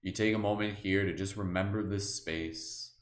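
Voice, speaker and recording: A man gently leading a guided meditation, then chatting casually with his live stream viewers. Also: low-pitched, reverberant. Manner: slow, soft guiding voice, relaxed filler-heavy chat afterward.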